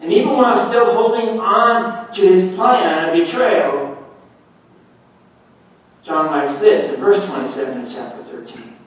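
A man preaches a sermon in a fairly high voice, unhurried and emphatic. He often sinks to a near hush on key words. He is heard from some distance in a very reverberant room. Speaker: pastor.

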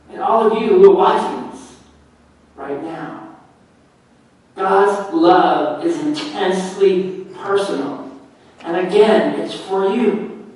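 A male pastor preaching a sermon, slow and emphatic, often dropping to a hush. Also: high voice. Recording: very echoey room, heard from a distance.

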